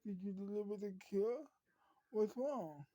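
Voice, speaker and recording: A woman's voice: mid-range voice, lively intonation, mellow, no echo. A woman doing Patrick, a worried husband. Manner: anxious rapid questions.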